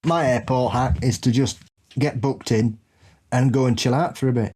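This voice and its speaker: A man's voice: medium pitch, fairly even intonation, moderate pace, a little mellow, slight background noise. A man from England co-hosting a podcast, bantering casually and laughing a lot. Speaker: podcast co-host. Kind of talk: casual chat.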